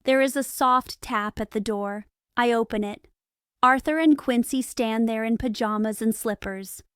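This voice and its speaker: Slow, crisp woman narrating an audiobook. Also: on the high side, dry recording, studio quality. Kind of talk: slow graded reading for English learners.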